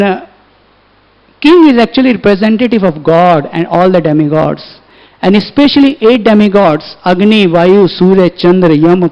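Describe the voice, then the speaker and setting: In a temple hall, a man with an Indian English accent preaches a storytelling sermon, acting out the dialogue with animation. His voice is high-pitched and a little mellow. The recording is dull and lo-fi, with the hall's echo audible.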